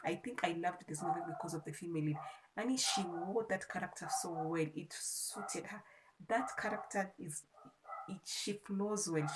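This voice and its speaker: A woman's voice: fairly low pitch, background noise. A woman with a Kenyan accent, chatting casually and rambling a little as she reviews a movie for her vlog. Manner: chatty and rambling, with frequent restarts. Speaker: vlogger.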